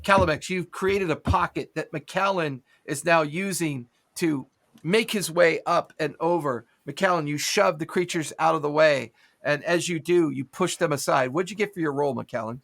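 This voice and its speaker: A man's voice: a little high, normal speed, gravelly, fairly bright tone. A man narrating a tabletop horror game as game master, adding his own gunfire and impact sounds.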